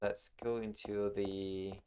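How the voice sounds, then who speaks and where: A man's voice: lowish voice, flat delivery, background noise. A man streaming a horror game live, talking through the play and reading in-game documents aloud. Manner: reads in-game text aloud, unhurried. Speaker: gaming streamer. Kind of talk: live-streamed gameplay commentary.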